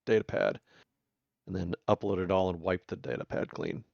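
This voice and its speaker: A man playing a tabletop game, talking casually and haltingly about the story. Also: low-pitched, fairly even intonation, vocal fry, a little mellow, dry recording, lo-fi sound. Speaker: player. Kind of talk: casual chat.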